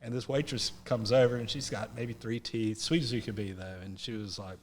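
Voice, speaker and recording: A man's voice: lowish voice, normal speed. A man from North Carolina, a podcast guest telling humorous stories in casual chat and acting out the voices he quotes. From North Carolina, US South. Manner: animated, humorous storyteller who acts out quoted voices.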